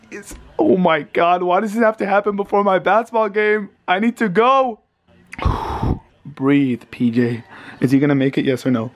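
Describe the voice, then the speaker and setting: A man's voice: sits high, lively intonation, moderate pace. A young man in his twenties reacting live to a basketball game at home, anxious and pleading, swearing and groaning as he talks into a handheld camera. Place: home, indoors.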